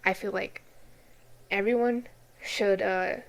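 A woman's voice: mid-range voice, fairly even intonation, slow, gravelly. A woman co-hosting a podcast in casual chat, blunt and emotional, swearing often and near tears. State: tearful. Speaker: podcast co-host.

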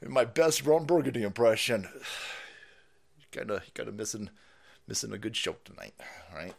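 A man hosting a livestream, ranting with heavy profanity and mockery, swinging from loud outbursts to low mutters. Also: very animated, moderate pace, vocal fry, long pauses. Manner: profane, mocking, swings between shouting and muttering, laughs often. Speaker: livestream host. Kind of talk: ranting live commentary.

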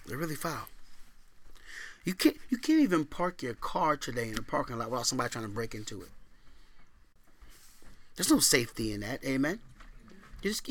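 A man preaching a sermon as pastor, booming out scripture readings and dropping to quiet conversational asides, asking for amens. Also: dry recording.

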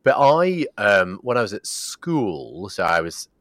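A host speaks in a reflective, halting way, filling pauses with ums. His voice is very low. The recording is close and dry, with no room echo. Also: big pitch swings, fairly bright tone. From Bradford, England. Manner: reflective, hesitant, lots of fillers. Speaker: podcast host. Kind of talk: conversational interview.

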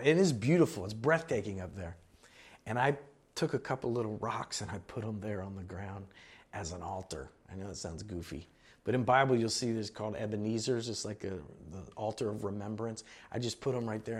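A man's voice: lowish voice, a little fast, slightly rough. A man preaching a sermon as pastor, conversational and earnest, building to emphatic exhortations.

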